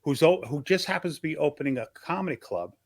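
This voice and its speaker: A rapid-fire older man from Long Island tells old stories with a comedian's timing, breaking into quick character voices as he goes. His voice sounds close and dry, with no room around it. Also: on the high side, dry recording. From Long Island, New York. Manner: animated, acts out voices of people in his stories. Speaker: comedian guest telling stories. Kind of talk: casual storytelling interview.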